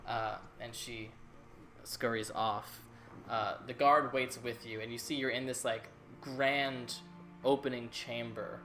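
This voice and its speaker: A man narrating a tabletop fantasy game as game master, describing scenes at a relaxed pace with many fillers. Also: mid-range voice.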